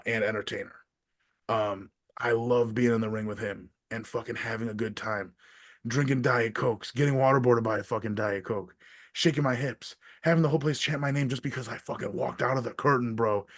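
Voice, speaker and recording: A man with an American accent, a wrestler and podcast guest, talking casually in a profane, ranting way that swings between loud outbursts and quiet asides. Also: medium pitch. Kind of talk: casual interview chat.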